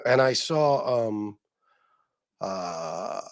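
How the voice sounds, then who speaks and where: A man's voice: lowish voice, lively intonation, extremely slow, no echo. A man, chatting casually on a livestream as host, swearing freely and answering viewers.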